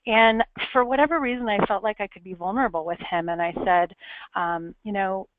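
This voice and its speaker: A woman's voice: fairly high pitch, lively intonation, brisk, no room sound. Woman, webinar speaker, earnest, candid storytelling, tinny phone-quality audio. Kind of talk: personal storytelling talk. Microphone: webinar call audio.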